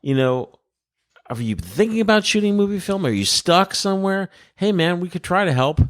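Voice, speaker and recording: A man's voice: sits high, lively intonation, moderate pace. A man in his fifties hosting a podcast, rambling loosely and laughing as he talks. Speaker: podcast host. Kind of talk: casual podcast chat.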